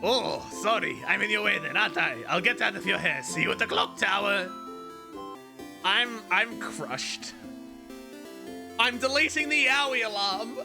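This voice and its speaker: Laughy gamer streamer, slow talker, voice jumps all over, game music behind. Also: mid-range voice, creaky. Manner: excitable, laughs often, reads dialogue aloud. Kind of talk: casual let's-play commentary.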